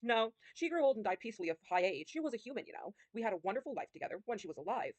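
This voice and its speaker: A woman voicing an ancient phantom of the sewers, calm and detached, talking in a steady, measured way. Close, dry sound, mid-pitched like her own voice. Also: no room sound.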